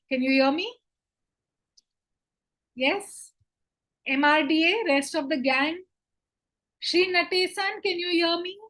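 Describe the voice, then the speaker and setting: A high-pitched woman hosts school students in a live online video session, welcoming each by name and getting them going with energetic call-and-response chants.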